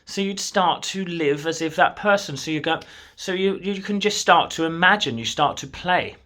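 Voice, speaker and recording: Male coach, motivational to camera, encouraging and direct, bright tone, a little high. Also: moderate pace. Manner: earnest, encouraging, speaks straight to the viewer. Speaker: manifestation coach. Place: at a desk in his own room.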